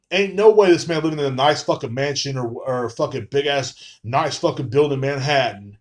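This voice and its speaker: Young guy hosting a podcast, casual profane rant, mid pitch, rambling. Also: fairly quick, hardly any pauses. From Texas. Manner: profane, rambling, lots of fillers. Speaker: podcast host. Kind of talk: casual ranting monologue.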